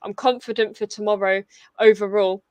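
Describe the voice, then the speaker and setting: A woman's voice: medium pitch, steady tone, moderate pace, no room sound. Young woman hosting a fan livestream. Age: young adult. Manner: chatty, upbeat, full of fillers and restarts. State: losing her voice. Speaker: fan channel host. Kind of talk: casual fan livestream chat.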